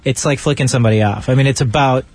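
A man's voice: mid-range voice, very fast, darkish tone, faint music behind. A man co-hosting a radio show, explaining things in a rambling way with a lot of restarts. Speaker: radio co-host. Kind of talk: casual radio banter.

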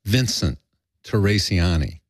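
A man's voice: deep voice, very animated, takes it slowly, no echo, clean studio sound. An older man telling a rambling, profane story in a candid interview, acting out quoted voices. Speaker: guest.

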